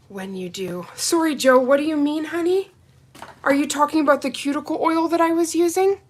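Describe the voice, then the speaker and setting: A woman's voice: sits high, normal speed. A woman hosting a live nail art unboxing, gushing and chatting with her viewers. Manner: gushing, excitable, chats with viewers. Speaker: nail art livestream host. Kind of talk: casual live unboxing chat.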